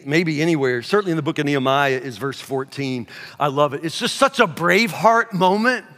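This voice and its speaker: High-voiced pastor preaching in a church. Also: male voice, big-room sound. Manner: folksy, repeats words, says y'all; drops to a low, quiet voice for emphasis. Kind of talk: sermon. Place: church hall.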